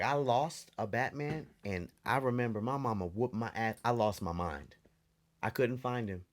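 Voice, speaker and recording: Deep-voiced man telling stories. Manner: storytelling, loose and candid. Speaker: podcast co-host. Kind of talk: casual chat.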